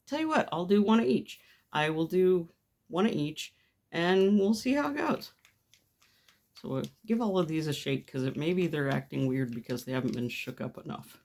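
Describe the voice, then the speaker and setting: Chatty self-deprecating woman with a gravelly voice. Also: low-pitched, darkish tone. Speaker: mixed media artist. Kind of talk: casual crafting commentary. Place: home craft studio.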